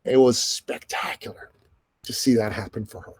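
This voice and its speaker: A middle-aged man, a business coach being interviewed, telling stories in an animated way and acting out the people in them. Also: medium pitch, husky, no room sound. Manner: animated, fast storytelling with quoted dialogue. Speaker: podcast host and business coach, guest. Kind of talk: storytelling in an interview.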